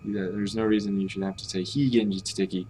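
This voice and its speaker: An American man talking through ideas on a casual live stream, hesitant and often correcting himself. His voice sits a little low for a man. A faint hum of noise runs under it. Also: flat delivery, brisk, mellow. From United States. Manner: musing aloud, hesitant, self-correcting. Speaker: language-learning streamer.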